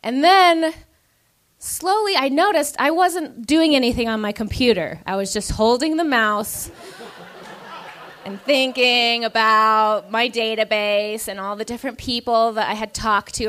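A woman comedian telling a stand-up story in an animated, self-mocking way, acting out the people she quotes. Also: on the high side, moderate pace.

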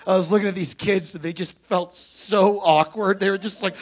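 A young man doing stand-up, telling a story with lots of energy, shouting out other people's lines and laughing as he goes. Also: sits high, normal speed. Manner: animated, shouts kid voices, laughs at own story. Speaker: stand-up comedian.

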